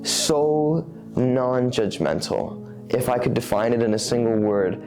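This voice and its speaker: A man's voice: mid-range voice, expressive, takes it slowly, gravelly, a little mellow. Man, candid interviewee; rambling, thoughtful delivery with restarts, faint music bed. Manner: rambling, reflective, with frequent fillers and restarts.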